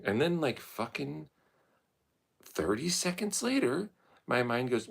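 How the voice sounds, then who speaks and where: Low, gravelly man, lively swooping pitch; rambling late-night studio monologue, swears freely, slips into mocking voices. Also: measured pace, pauses often. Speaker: vlogger. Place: his art studio at night.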